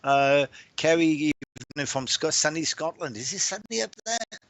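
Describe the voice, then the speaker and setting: A man's voice: a little high, expressive, moderate pace, a bit bright, no echo. A man from Wales, a medium hosting a livestream, chatting casually and greeting viewers by name, often repeating words and restarting his sentences.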